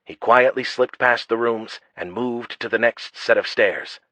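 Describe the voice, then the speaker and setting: A man narrating a fantasy audiobook in a steady, even storytelling manner. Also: mid-range voice, unhurried, dry recording. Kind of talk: scripted narration. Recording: dull lo-fi dry audio.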